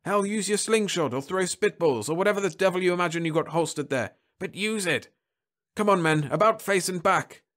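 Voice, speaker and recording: A man voicing a gruff male spaceship captain who barks orders and curses. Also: high voice, brisk, a bit bright, pitched above the performer's own voice. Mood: urgent barking. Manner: barking orders, cursing.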